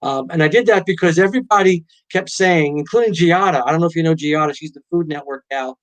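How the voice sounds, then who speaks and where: A man's voice: a little high, quick pace. A middle-aged man, a guest author and pilot, telling stories in a casual interview and acting out quotes. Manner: animated storyteller, acts out quotes.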